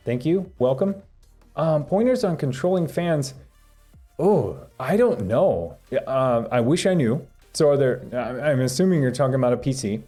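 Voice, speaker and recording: A young adult man with a warm, medium-pitched voice is hosting a live stream. He reads questions from the chat out loud and rambles through his answers, full of fillers and restarts.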